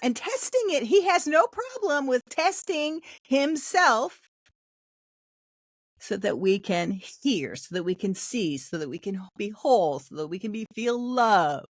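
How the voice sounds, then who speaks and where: A woman's voice: fairly high pitch, unhurried, no echo, clean studio sound. An older woman pastor, a podcast guest, telling a faith testimony in a casual interview and animating the people in her story. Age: 60s. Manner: animated storyteller acting out quoted voices.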